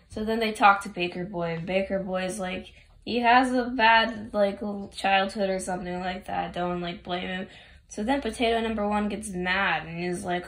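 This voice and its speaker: A woman rambles through a casual story recap, chatty and full of offhand asides. Her pitch sits in the middle range, and the room gives her voice a roomy echo. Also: steady tone, normal speed, fairly bright tone. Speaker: fan recapping a game story.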